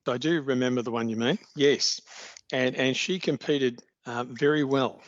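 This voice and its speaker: A man, answering interview questions in a measured, informative way and praising the athletes. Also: medium pitch, fairly even intonation, dry recording. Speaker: athletics league official guest. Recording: dry, dull-sounding podcast audio.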